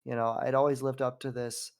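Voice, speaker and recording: A man's voice: mid-range voice, level tone, a little fast, a little mellow. A man in his twenties hosting a podcast, telling a personal story in a rambling, heartfelt way. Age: 20s. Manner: rambling and heartfelt, with frequent fillers and restarts. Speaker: podcast host. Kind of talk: casual conversational storytelling.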